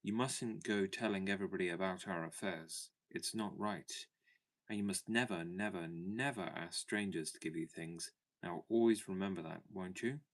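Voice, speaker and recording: Man reading as a gentle, firm storybook mother. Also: sits low, normal speed. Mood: firm, tender. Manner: earnest, tender and firm.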